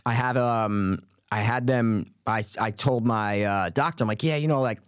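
A man co-hosting a casual chat, telling stories with lively quoted voices and plenty of swearing. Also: lowish voice, moderate pace, smooth, no echo, studio quality. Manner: animated storyteller, swears freely, acts out quoted voices.

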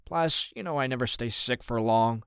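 A man's voice: medium pitch, moderate pace, fairly bright tone, clear, resonant tone, no echo, studio quality, natural voice. A man voicing an ill, easygoing father with a wry, tired manner, in an audiobook. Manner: laid-back, wry. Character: sick, easygoing middle-aged father.

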